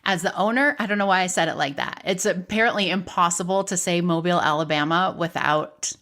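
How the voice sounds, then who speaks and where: A woman hosts a casual podcast interview in a chatty, animated way. She laughs easily and keeps the talk lively. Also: lowish voice, a little fast. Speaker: podcast host.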